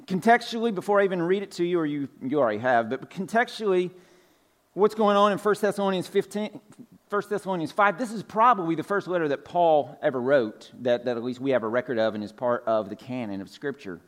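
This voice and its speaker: A man with a slightly raised pitch preaches to his congregation in a church. His delivery is loose and conversational, full of casual fillers, and he circles back to restate each point. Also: brisk. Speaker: pastor. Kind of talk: conversational sermon. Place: church sanctuary.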